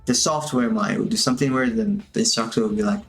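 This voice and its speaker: A man's voice: medium pitch, fast, vocal fry, a bit bright, soft background music. Chatty male animator thinking aloud. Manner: casual, chatty, talks to himself while working. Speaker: animation instructor. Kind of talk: livestream tutorial commentary.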